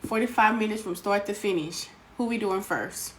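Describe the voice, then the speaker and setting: A woman's voice: mid-range voice, normal speed, a bit bright. A woman hosting a casual live tarot stream, greeting viewers by name and calling them sweetheart. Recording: noisy home recording.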